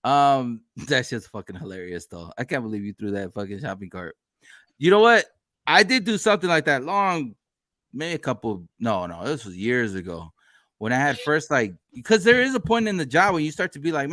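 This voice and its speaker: A man's voice: mid-range voice, big pitch swings, normal speed, pushed and bright. A man hosting a casual podcast chat, telling a profane, laughing story about his bus job. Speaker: podcast host.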